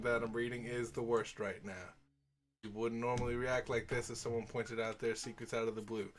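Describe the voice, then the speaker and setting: A man's voice: mid-range voice, level tone, normal speed. A man reading a visual novel aloud and breaking into exasperated, swearing outbursts, with faint game music behind. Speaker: let's play host.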